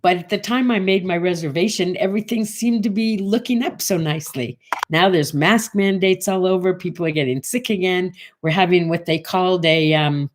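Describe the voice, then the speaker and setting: On a morning show, a woman in her sixties with a lowish voice tells a casual anecdote at a moderate pace. She delivers it animatedly, acting out the voices of the people involved.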